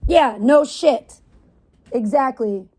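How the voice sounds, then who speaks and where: Livestream host, woman, angry swearing rant, higher voice. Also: slow, darkish tone. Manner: profane, heated, venting.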